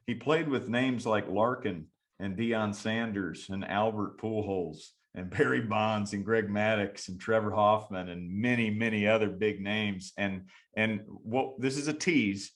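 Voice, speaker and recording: A man with a fairly low voice hosts a casual podcast interview about coaching. He is upbeat and eager, often restarting his sentences and leaning on fillers as he sets up questions. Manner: enthusiastic, with halting restarts and fillers. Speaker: podcast host.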